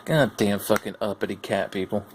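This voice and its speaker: A young man hosting casual comic commentary on game cards, sarcastic, profane and animated. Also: lowish voice, brisk, slightly rough. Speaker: host.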